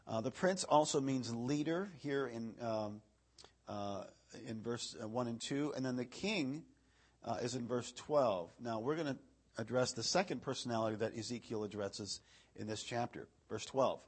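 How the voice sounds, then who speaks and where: At a moderate pace and medium pitch, with a breathy edge, an evangelist chats his way through a filler-laden sermon. Scripture readings push him louder, each verse rising in emphasis.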